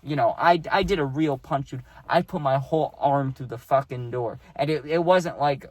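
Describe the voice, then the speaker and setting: A man's voice: mid-range voice, moderate pace, a little mellow, no room sound. A young man telling a personal story in a loose, profane, rambling way, full of fillers, recorded close to the mic. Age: young adult. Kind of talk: casual storytelling.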